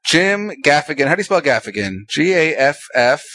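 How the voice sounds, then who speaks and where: A man's voice: a little high, very animated, moderate pace, pushed and bright. A man co-hosting a podcast in casual comedic chat, ranting with mock outrage and dropping dry, sarcastic jokes. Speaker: podcast co-host.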